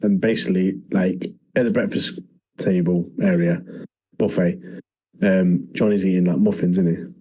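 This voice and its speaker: This is a man recapping a show on a podcast in a laid-back, rambling way. His voice is low and mellow with a husky, slightly rough edge. He fills the gaps easily and keeps it casual. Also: normal speed, poor audio. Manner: relaxed, rambling recap with fillers. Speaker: podcast co-host. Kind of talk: casual chat, recapping episodes.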